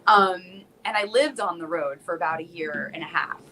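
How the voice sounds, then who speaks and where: Background noise accompanies a young woman from South Florida, a visiting singer-songwriter, who speaks at normal speed in a voice on the low side. She's chatty and animated, frequently saying "like" and starting her sentences over.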